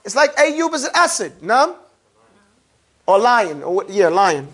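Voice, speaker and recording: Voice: mid-range voice, sing-song, fairly bright tone. A grammar teacher in a casual classroom lesson who keeps asking students questions and checking that they follow. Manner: drawls out terms slowly to drill them.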